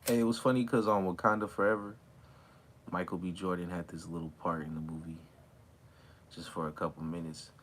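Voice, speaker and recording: A man hosting a relaxed livestream chat, talking in a slangy, drawling way while high. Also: brisk, a little hiss or hum. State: high from smoking. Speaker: livestream host. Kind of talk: casual chat with live chat viewers. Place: outdoors or near an open back door, windy. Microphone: phone.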